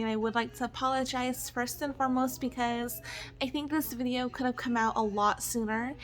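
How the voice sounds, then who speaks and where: A woman in her thirties, a stay-at-home mom, talking in an earnest, apologetic personal vlog while choking up with tears. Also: fairly high pitch. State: tearful, choking up.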